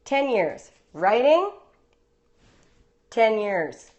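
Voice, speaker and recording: A woman's voice: a little high, big pitch swings, very slow, a little mellow, highs cut off. A woman who teaches homeschool writing, giving a live-streamed talk on a phone with playful stories and rhetorical questions. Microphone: phone livestream.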